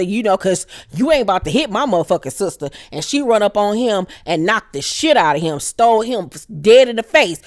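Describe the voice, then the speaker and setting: A woman hosts a casual TV recap vlog, telling the story with a fairly high voice. She curses freely and uses lots of slang, and she animatedly acts out what each character says. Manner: heavy swearing, slangy. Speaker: TV show recap host. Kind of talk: profane casual episode recap.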